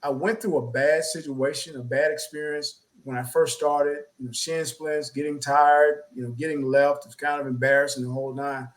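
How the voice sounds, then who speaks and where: A man co-hosting a talk show, telling a personal story in a casual, animated way, often repeating words and acting out quotes. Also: a little high, normal speed, hardly any pauses, rough recording. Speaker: podcast co-host.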